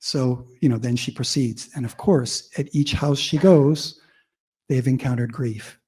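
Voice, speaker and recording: A man's voice: mid-range voice, unhurried, warm tone, husky. A man giving a public lecture who tells vivid personal anecdotes in a conversational way, full of "like" and "you know" fillers. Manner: vivid storyteller, audience-engaging. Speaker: academic speaker.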